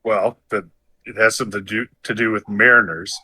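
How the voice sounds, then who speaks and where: A man with a bright, sharp voice chatting wryly on a gaming podcast. He jokes and teases as he talks. The recording is dry and close. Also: lowish voice, steady tone, brisk, husky, dry recording. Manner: wry, teasing. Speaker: podcast co-host. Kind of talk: casual chat.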